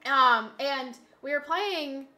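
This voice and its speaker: A woman streaming from home, her voice high and lifted above most, chatting casually with her viewers. She rambles through stories, starting sentences over and repeating herself as she goes. Her tone is bright and forward, picked up on a desk mic. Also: slow. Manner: rambling storytelling with many restarts and repeats. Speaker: live streamer. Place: indoors at home streaming setup.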